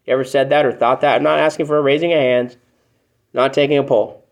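A man's voice: mid-range voice, fairly even intonation, fast. A man preaching a sermon to a room of people, talking to them plainly and often asking them rhetorical questions. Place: church room with congregation.

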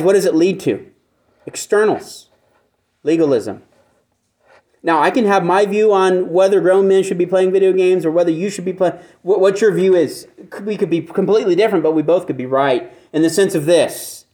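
A man's voice: on the high side, darkish tone. A man preaching a conversational sermon who keeps asking his listeners rhetorical questions and repeats phrases for emphasis. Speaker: pastor.

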